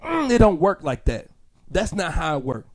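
A man preaching a motivational sermon in a repetitive, sing-song cadence, rising to shouts and dropping soft and low. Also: wildly swooping pitch, moderate pace. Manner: rises to shouts, then drops soft and low.

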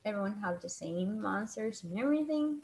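A woman teaching an online class on a video call, patiently repeating and translating phrases slowly. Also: medium pitch, lively intonation, darkish tone.

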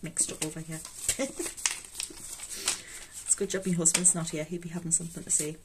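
Geordie woman, self-mocking and chatty, slightly low voice, audible background noise. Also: level tone, rapid-fire. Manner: chatty, self-mocking, talks to herself while counting. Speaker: budgeting vlogger. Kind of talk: casual chat while counting cash. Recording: clear background noise with rustling notes.

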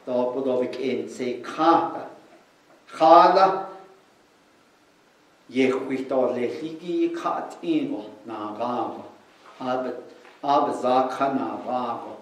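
A male preacher delivers a bilingual sermon at an unhurried pace, stressing each point. His voice sits a little high for a man. He is heard from some distance off the mic, in a space with heavy echo. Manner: slow, emphatic teaching, alternating English with another language.

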